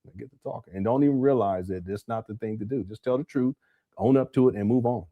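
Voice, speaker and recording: A man's voice: medium pitch, quick pace, dry recording, narrow, tinny audio. A man hosting a live stream, casually rambling while reading viewer messages aloud. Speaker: livestream host.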